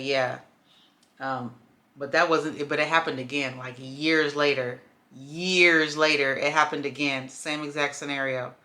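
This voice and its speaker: A woman tells a story to her vlog audience, acting out the other voices. Her voice sits low but sounds bright and forceful. She calls her viewers y'all and baby as she talks. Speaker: vlogger telling a story. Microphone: camera while doing makeup.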